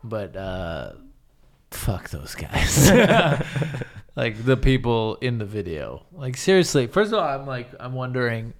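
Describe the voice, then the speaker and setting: A man's voice: medium pitch, big pitch swings, slow pace. A man co-hosting a podcast in casual chat, blunt and emphatic, swearing freely. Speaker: podcast co-host.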